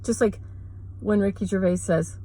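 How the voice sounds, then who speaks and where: A woman vlogger ranting sarcastically in a rambling, mocking way, with quick asides. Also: medium pitch, fairly even intonation, dark tone, rough recording. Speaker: mother. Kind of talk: sarcastic comedic rant.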